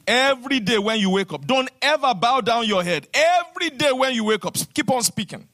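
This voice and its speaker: A man's voice: high voice, very animated, brisk, few pauses, pushed and bright. A man with a Nigerian accent preaching a fervent sermon and leading the congregation in spoken declarations. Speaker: pastor.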